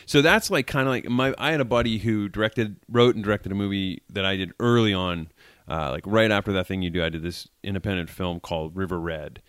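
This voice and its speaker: A man in his forties from Massachusetts with a faint Massachusetts accent, chatting as a podcast guest, telling stories in a relaxed, hesitant way with many fillers. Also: deep voice, fairly quick, clear, resonant tone, no echo, clean studio sound. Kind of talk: casual chat.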